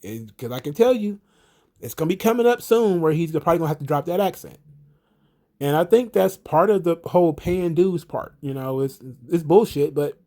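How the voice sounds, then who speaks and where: Animated man riffing with a higher voice. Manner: animated, profane, rambling with many fillers. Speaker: wrestling commentary host. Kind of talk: casual solo commentary.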